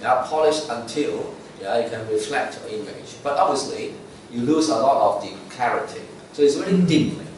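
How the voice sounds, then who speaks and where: A man's voice: mid-range voice, lively intonation, moderate pace, a little mellow, a little hiss or hum. A man giving a sermon as lay preacher, conversational, checking in with "okay?" and "right?". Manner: conversational, frequent "okay?" and "right?" tag questions. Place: church sanctuary. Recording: echoey church, mic far off.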